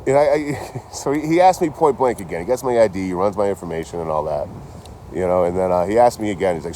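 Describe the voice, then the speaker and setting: This vlogger speaks fast in a low-sitting voice, loosely recounting his brush with police full of profanity and quoted dialogue. The handheld phone recording, made outdoors near trees and a road, carries a little hiss or hum.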